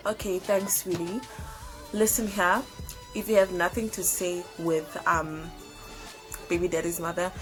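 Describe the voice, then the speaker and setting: Young woman, South African accent, casual storytime, lively and profane, faint music behind. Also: lowish voice. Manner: animated, swearing, hesitant fillers. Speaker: YouTuber.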